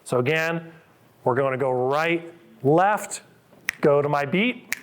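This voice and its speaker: A man's voice: fairly high pitch, slow pace, background noise. A middle-aged man, a physical therapist, coaching a live group through exercises with upbeat cues and counts.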